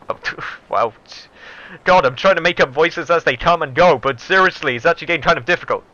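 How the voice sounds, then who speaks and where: A man's voice: fairly high pitch, a little fast, pushed and bright. A man giving casual, self-deprecating gameplay commentary with laughing asides. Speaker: let's play gamer. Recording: dull lo-fi with faint noise.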